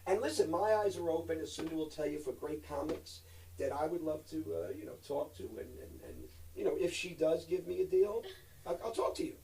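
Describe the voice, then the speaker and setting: A middle-aged man, an actor guest, chatting in a rambling, joking way with loud bursts and swearing. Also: a little high, fairly quick, gravelly, far from the mic, a little hiss or hum, rough recording. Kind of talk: joking live-stream chat.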